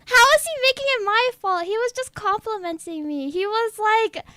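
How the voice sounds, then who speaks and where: A woman's voice: very high-pitched, normal speed, pushed and bright, no room sound. A woman with a girlish, childlike voice, telling a story in a giggly, rambling way as a VTuber chatting on stream. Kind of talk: casual stream chat.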